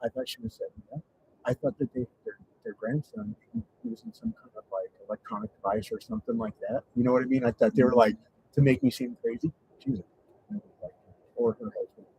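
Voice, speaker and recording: A man's voice: mid-range voice, big pitch swings, fairly quick, vocal fry, noisy background. A man telling a rambling personal story in casual talk, profane and full of restarts.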